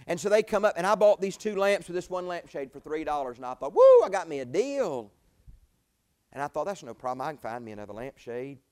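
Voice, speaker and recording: A middle-aged preacher tells a homespun story from the pulpit. His voice sits a bit high for a man and sounds smooth and resonant. He speaks in a folksy way and builds to pleading, emotional climaxes. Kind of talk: sermon storytelling.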